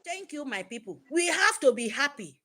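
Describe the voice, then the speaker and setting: A woman with a Nigerian accent, an activist speaker, addresses her supporters fervently, emphatic and repetitive. Her high-pitched voice is very animated, pushed and bright, at a moderate pace.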